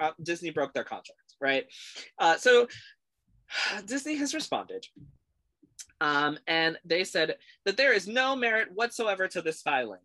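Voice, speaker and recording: Chatty podcast host, bright dry voice. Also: medium pitch, dry recording. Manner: chatty, laughs often, summarizes news loosely. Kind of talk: casual chat.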